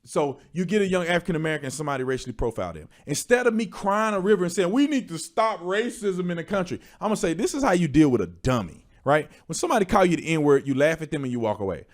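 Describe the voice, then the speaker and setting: A young man, hosting an opinion stream and preaching his points, sometimes rising to a shout. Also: fairly high pitch, very animated, fast, hardly any pauses. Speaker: livestream host.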